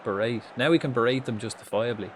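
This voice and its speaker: A man's voice: medium pitch, fast talker, slight background noise. An Irish man commentating live on a football management game, swearing freely and chatting with viewers. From Ireland. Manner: swearing, excitable, chatting with chat. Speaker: streamer.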